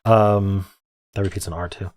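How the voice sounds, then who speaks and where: A man thinking aloud as he solves daily word puzzles, hesitant and muttering, with frequent ums and quiet self-amused asides. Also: low voice, fairly even intonation, normal speed. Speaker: word game streamer.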